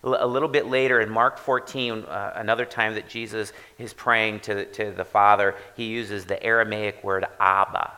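Gravelly, bright-voiced preaching man. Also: fairly low pitch, normal speed, few pauses. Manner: conversational preaching, animated emphasis, repeats phrases. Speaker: pastor. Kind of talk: sermon.

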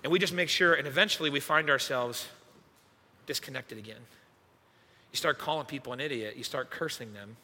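A young man, a youth pastor, telling a funny personal story in a sermon with animated, self-mocking delivery. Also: mid-range voice, a little fast, long pauses, slight background noise. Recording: echoey hall reverb.

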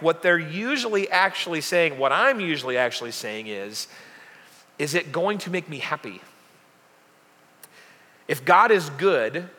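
A man's voice: a little high, pushed and bright. A young adult man preaching a casual sermon, chatty and joking with lots of fillers. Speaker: pastor. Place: church hall. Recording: long hall reverb.

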